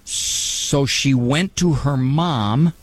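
A man hosting a radio call-in show. He gives advice in a quick, joking way and often repeats himself. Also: medium pitch, dry recording. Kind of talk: casual advice call-in talk.

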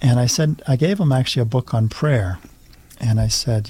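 A man's voice: medium pitch, normal speed, a little mellow, husky. A man, a priest co-hosting a radio talk show, speaking reflectively in a pastoral way. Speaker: priest, co-host.

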